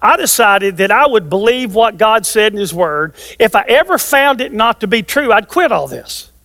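An older man in his sixties preaches with a strikingly high voice, hammering home his points by repeating them. His words ring out with a long reverb, as if from a large hall. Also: expressive, normal speed, pushed and bright. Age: 60s. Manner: emphatic, repeats key phrases for stress. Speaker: pastor. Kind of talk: sermon.

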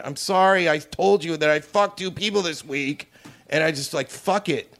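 Male comic guest, slightly high voice, foul-mouthed and defensive storyteller. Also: moderate pace, a bit bright. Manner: profane, blunt, defensive. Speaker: comedian guest. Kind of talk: casual chat, storytelling.

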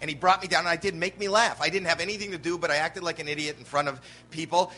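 A man in his late fifties, a comedian, telling animated stories in a casual podcast chat and acting out his own shouts, with swearing along the way. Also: on the high side, fast talker. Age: 50s. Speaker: comedian guest.

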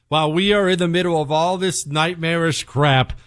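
A man's voice: unhurried, hardly any pauses, no room sound, studio quality. A man hosting a talk radio show, delivering an opinionated, sarcastic monologue. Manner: sarcastic, animated, swings pitch for emphasis.

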